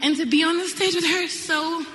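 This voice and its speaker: A woman out of breath and overwhelmed, giving a halting, tearful acceptance speech on a big arena stage. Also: extremely high pitch, fairly even intonation, fairly bright tone. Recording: echoey arena reverb with background noise.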